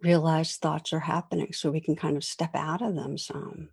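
A woman meditation teacher gives a dharma talk in a warm, mellow voice. She guides listeners gently and without hurry, leaving soft pauses between her invitations. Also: low voice, flat delivery, vocal fry, slightly rough.

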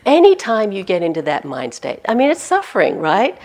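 A woman's voice: on the low side, wildly swooping pitch, fairly quick. A woman meditation teacher giving a dharma talk to a retreat audience, telling stories candidly and with self-deprecating humor.

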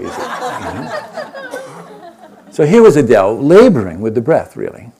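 A man who teaches meditation, telling a story to an audience in a gentle, unhurried way and often checking in with his listeners. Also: medium pitch, big pitch swings, breathy edge. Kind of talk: storytelling talk to a live audience.

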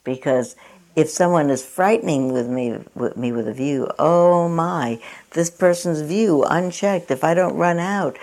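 A woman's voice: sits low, a little slow, a little mellow. A woman meditation teacher giving a dharma talk at a meditation center, chatty and self-mocking, often laughing at herself.

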